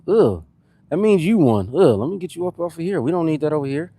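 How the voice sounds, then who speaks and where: Laid-back Californian guy, lively pitch. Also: fairly quick, no echo. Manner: laid-back slang, talks between exercise sets, shouts out viewers. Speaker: fitness streamer. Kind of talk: casual live-stream workout chat.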